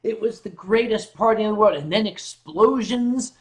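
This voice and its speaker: A man's voice: sits high, normal speed. A man hosting a casual comedic chat from his sofa at home, joking and reading viewer comments aloud. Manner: joking, reads chat comments aloud, bursts into loud mock shouting. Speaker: host. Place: home living room, on a sofa.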